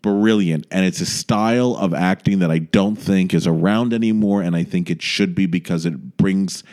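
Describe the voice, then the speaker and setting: A man co-hosting a casual podcast chat, talking in an animated, gushing way with quick asides. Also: deep voice. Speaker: podcast co-host. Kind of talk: casual chat about musical theater.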